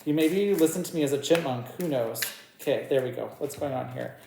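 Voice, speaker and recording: A woman's voice: rumbling low, fairly quick, gravelly, mellow. A woman doing a casual tarot reading, chatty and giggly, talking to her cards. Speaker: tarot reader. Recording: echoey room with faint noise.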